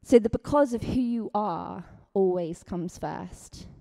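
A woman with a Scottish accent preaching a chatty, lively sermon, acting out quotes with big leaps in pitch. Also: slow, gravelly.

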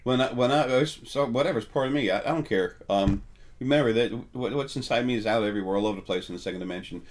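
A middle-aged man giving an unscripted spiritual monologue, rambling and halting with many fillers and restarts, his voice catching with emotion now and then. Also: mid-range voice. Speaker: spiritual talk host.

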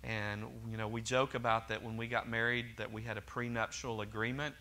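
A bright, forward-voiced man from Oklahoma preaches to his congregation. He talks in an easy, conversational way, often restarting sentences and dropping in joking asides. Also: lowish voice, little pitch movement, a little fast. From Oklahoma, USA. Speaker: pastor. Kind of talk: sermon.

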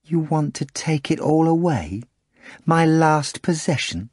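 A man's voice: fairly high pitch, animated, takes it slowly, a little mellow, slightly rough, dry recording, clean studio sound, voice pushed up, exaggerated voice. A man voicing a ragged, distrustful disciple of about forty who answers grimly and curtly. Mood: hostile.

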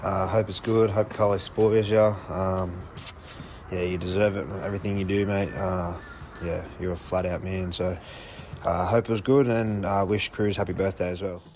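A man leaving a halting, friendly recorded birthday message. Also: deep voice, steady tone, a little mellow, a little hiss or hum.

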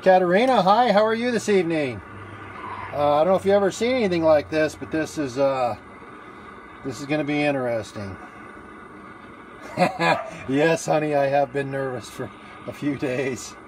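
A man's voice: a little high, normal speed, pauses often, slight background noise. Chatty man livestreaming from a grill. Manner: chatty, rambling, many fillers and restarts. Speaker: livestreamer taking a food challenge. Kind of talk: casual live-stream chat. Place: outdoors at a barbecue grill in the evening. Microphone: phone held in one hand.

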